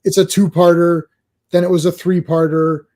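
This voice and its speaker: Brief: male host, a little high-pitched, mellow tone, casual rambling review, lots of ums and restarts. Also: level tone. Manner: halting, many restarts and filler ums. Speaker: podcast host. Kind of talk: casual chat reviewing a cartoon.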